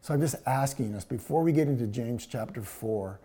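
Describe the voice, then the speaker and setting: A man preaching a sermon, telling a personal story in a hushed, emotional tone. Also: mid-range voice, brisk. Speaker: pastor.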